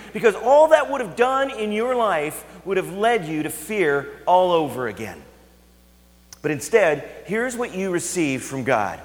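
A man preaching a sermon as a pastor, telling a family story and dropping to hushed, intimate tones for emphasis. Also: high-pitched. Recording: long hall reverb.

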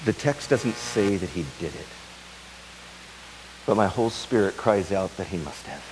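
Dramatic low-voiced man preaching. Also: expressive, moderate pace, slight background noise, rough recording. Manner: dramatic, swings from loud urgency to soft tender hush. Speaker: pastor. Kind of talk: sermon.

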